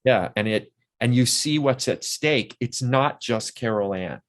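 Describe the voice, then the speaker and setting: A man's voice: medium pitch, animated, unhurried. A man in his sixties, an interview guest and actor, telling long, rambling anecdotes full of restarts.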